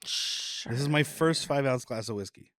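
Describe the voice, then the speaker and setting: A man's voice: medium pitch, a little slow, fairly bright tone, dry recording, clean studio sound. Laid-back male podcast co-host. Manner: laughs often, loose and rambling. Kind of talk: casual chat recapping a TV episode. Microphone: podcast mic on camera.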